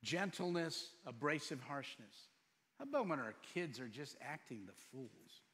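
A pastor in his fifties preaching a sermon, firing rhetorical questions and swinging between loud and soft. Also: medium pitch, animated, measured pace. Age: 50s. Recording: long reverb in a church hall.

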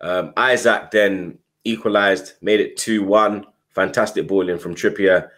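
A man's voice: fairly low pitch, fairly even intonation, unhurried. A man hosting a casual football podcast, swearing and teasing his co-hosts. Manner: swears a lot, teasing, loud. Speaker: podcast host.

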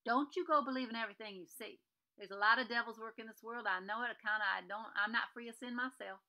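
A woman's voice: on the high side, fast talker, bright, forceful tone. Woman doing a folksy frontier sidekick. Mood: preachy. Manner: folksy western drawl. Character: colorful male frontier sidekick, ex-preacher.

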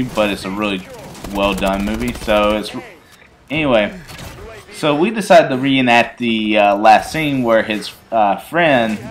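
A young man casually telling a rambling, funny personal story over gameplay, often breaking into laughter. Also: lowish voice. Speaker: gaming channel host.

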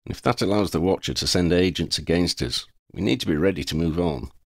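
A man voicing a sensible young wizard who leads the group, firm and commanding, a little higher than his own voice. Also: brisk, no room sound, studio quality.

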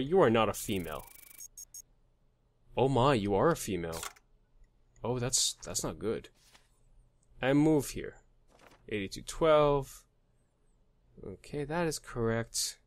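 A man hosting a let's play, joking crudely and muttering names and numbers while he plays. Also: mid-range voice. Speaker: gaming channel host.

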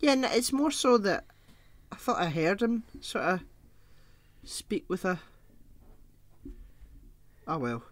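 A man's voice: sits high, very animated, slow, long pauses, a bit bright, no echo. A man co-hosting a podcast in casual chat, giggling a lot, swearing offhandedly and restarting his sentences. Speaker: podcast co-host.

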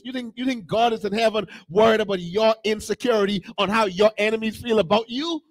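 A man with a strikingly high voice preaches a sermon, moving between quiet teaching and shouted, sung calls to the congregation. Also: fairly quick, hardly any pauses, low-quality recording. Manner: call-and-response preaching, rising to shouts and sung cadences. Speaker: pastor.

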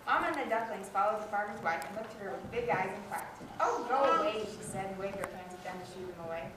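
Woman reading a kids story out loud, lively, from far off in an echoey hall with noise. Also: mid-range voice, fast. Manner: expressive, lively read-aloud. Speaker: student reader. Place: school program hall.

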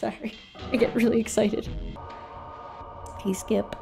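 High-voiced woman streamer, slow and playful. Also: gravelly, over music. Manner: playful, sing-song, gets loud and excited. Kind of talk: casual gaming stream commentary.

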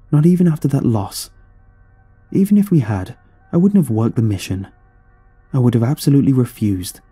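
Dark husky male horror narrator. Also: on the low side. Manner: somber, measured storytelling.

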